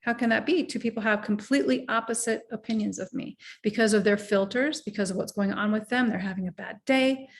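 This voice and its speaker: Earnest woman life coach, gentle. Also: mid-range voice, steady tone, fairly quick, hardly any pauses. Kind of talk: motivational talk with guided breathing.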